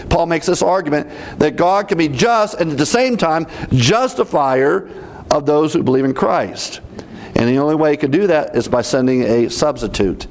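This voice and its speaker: A man teaching through Bible verses in a deliberate, emphatic way, repeating references as he goes. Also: on the high side, creaky.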